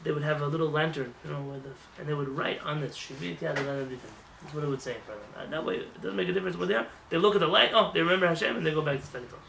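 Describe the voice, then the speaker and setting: Male rabbi, fast animated sermon, raised pitch, roomy hall sound. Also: creaky, distant mic, slight background noise. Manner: animated, acts out voices, jokes with the congregation. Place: synagogue. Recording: roomy hall with faint ambience.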